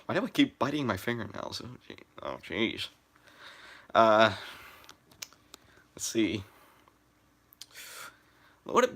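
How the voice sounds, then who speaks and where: A man's voice: lowish voice, fairly bright tone. A young man chatting casually on a live stream, rambling with many fillers and restarts.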